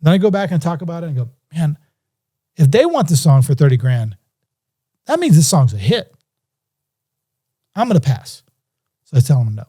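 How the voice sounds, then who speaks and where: A man's voice: fairly high pitch, sing-song, normal speed, pauses often, mellow, husky. A middle-aged man and music producer telling a story in an interview, acting out phone calls in different voices.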